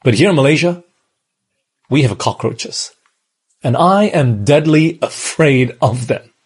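A man's voice: mid-range voice, lively intonation, a little slow, breathy edge. A man from Australia preaching a sermon in a conversational way, often asking the listeners questions.

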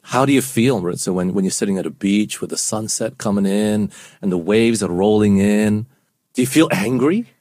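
A man's voice: fairly low pitch, normal speed, a little mellow, no echo, studio quality. A man co-hosting a casual Bible study show, explaining verses and asking his co-host questions.

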